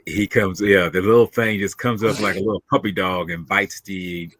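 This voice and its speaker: A man's voice: sits low, fairly even intonation, normal speed, fairly bright tone, no room sound. A man on a podcast who chimes in with short jokes and comments while his co-hosts retell a film. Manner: joking interjections. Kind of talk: casual banter.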